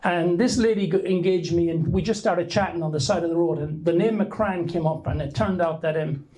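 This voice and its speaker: A man's voice: on the high side, fairly quick, dark tone, low-quality recording. An Irish man telling a rambling story to a live audience, with frequent restarts and fillers. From Ireland. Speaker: speaker giving a talk to an audience.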